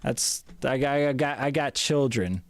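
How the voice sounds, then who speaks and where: A man streaming a game live, grumbling and swearing, his voice swinging between loud gripes and quiet mutters. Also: medium pitch, a little slow, no room sound, studio quality. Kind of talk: live gameplay chat.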